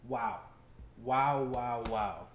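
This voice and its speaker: A man's voice: medium pitch, drawn-out words. A young man hosting a casual home cooking vlog, talking loosely with stumbling restarts and bursts of swearing. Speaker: cooking show host. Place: home kitchen. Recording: roomy kitchen echo, faint background music.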